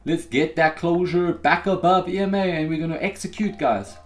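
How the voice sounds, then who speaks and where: A man's voice: on the high side, moderate pace, faint music behind. A man hosting a live futures day-trading stream, chatting casually to viewers as he talks through his trades. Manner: relaxed, chatty, addresses viewers as guys.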